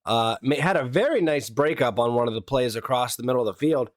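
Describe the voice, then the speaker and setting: A man's voice: mid-range voice, fairly quick, dry recording, clean studio sound. A man co-hosting a casual sports podcast, speaking in a laid-back way that often trails off. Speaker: podcast co-host.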